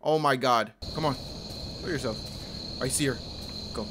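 A man commentating a horror game for his channel, excitable, often yelling and swearing in panic. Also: medium pitch, normal speed, a little hiss or hum. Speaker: gaming YouTuber. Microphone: headset or desk mic, no face cam. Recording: music playing behind.

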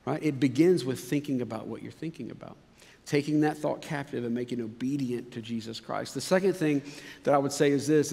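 A man's voice: a little high, vocal fry. Man preaching in a reverberant church. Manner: conversational, emphatic preaching with sudden quiet drops. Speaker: pastor. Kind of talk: sermon. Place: church sanctuary.

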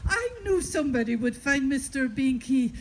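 A woman's voice: sits high, expressive, normal speed. A woman voicing an overjoyed old man who gushes his thanks in a comedy story. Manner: gushing, effusive.

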